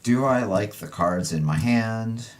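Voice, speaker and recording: A man with a fairly low voice, playing as a guest on a card-game stream. He thinks aloud and walks through each move step by step in a deliberate, even way. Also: slight background noise. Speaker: guest player.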